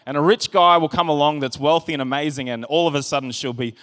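Man, pastor, casual sermon, chatty, restarts phrases, slightly high voice, reverberant hall. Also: steady tone, fast talker, a bit bright. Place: church hall.

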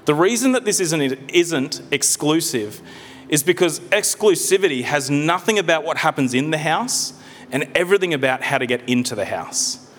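A man preaching a sermon in a conversational way, with gentle humor and frequent restarts. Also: fairly high pitch, expressive, moderate pace, a little hiss or hum. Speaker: pastor. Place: church hall. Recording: long hall reverb.

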